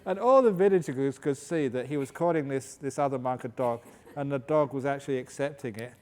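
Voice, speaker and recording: A man, a Buddhist monk, answering questions at a meditation retreat in a humorous, storytelling way and laughing as he goes. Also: a little fast. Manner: humorous, laughs while telling stories. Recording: long hall reverb with faint low rumble.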